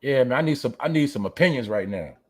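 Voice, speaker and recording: A man's voice: mid-range voice, lively intonation, quick pace, darkish tone. A man hosting a livestream show, ranting bluntly and profanely at his viewers and reading the chat. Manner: profane, blunt, preachy, talks straight to viewers. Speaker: show host. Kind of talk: livestream commentary rant.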